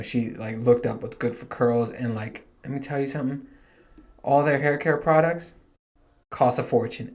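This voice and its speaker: A man in his thirties hosting his own podcast, rambling in a casual, profane, self-mocking monologue. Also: mid-range voice. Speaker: podcast host.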